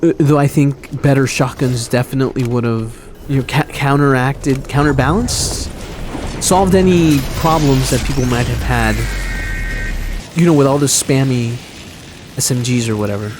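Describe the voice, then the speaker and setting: A man's voice: medium pitch, moderate pace, over music. A man giving rambling, self-mocking commentary while replaying an old video game match. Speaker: gaming commentator. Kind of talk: casual gameplay commentary.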